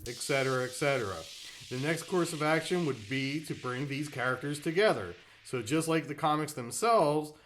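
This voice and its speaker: Podcast host guy reading his recap at a brisk clip, faint music under it. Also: a little high. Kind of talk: casual podcast talk and scripted recap.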